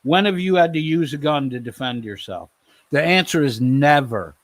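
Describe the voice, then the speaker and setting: A man's voice: on the high side, lively intonation, normal speed, no room sound. Profane ranting male stream host. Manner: profane, scolding, repeats the other's name. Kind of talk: heated live-stream rant.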